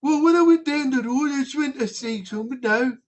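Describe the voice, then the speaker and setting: A man imitating a bored Birmingham man with a flat, deflated Birmingham accent. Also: very high voice, moderate pace, pitched above the performer's own voice. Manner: droning, deflated, monotone.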